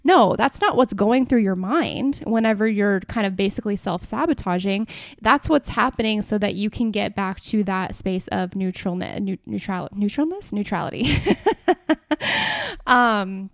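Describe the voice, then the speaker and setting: A young woman hosting a solo podcast, talking casually with lots of "like" fillers and quick restarts. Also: medium pitch, vocal fry, no room sound, clean studio sound. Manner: chatty, heavy use of "like" and restarts. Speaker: podcast host.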